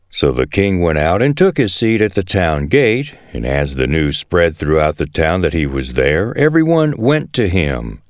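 A man reading a Bible passage aloud in an expressive storytelling way. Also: deep voice, measured pace, hardly any pauses, dry recording, studio quality. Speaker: Bible reader. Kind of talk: scripted scripture reading.

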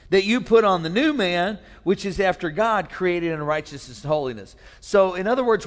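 A man's voice: sits high, long reverb tail. A man preaching a sermon, telling a funny personal story and acting out voices for laughs. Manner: storytelling with humor, acts out voices. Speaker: pastor.

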